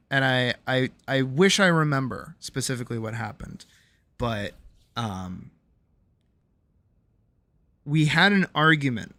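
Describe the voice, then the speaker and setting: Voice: mid-range voice, pushed and bright, no room sound. A young adult streamer telling a candid personal story to a live chat from a home room, reflective and hesitant, with many ums and restarts.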